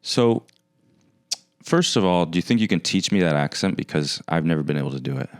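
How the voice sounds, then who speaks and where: Low, lively man hosting a chat. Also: brisk, smooth, no room sound. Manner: dry, teasing joker. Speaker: podcast host. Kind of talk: casual interview chat.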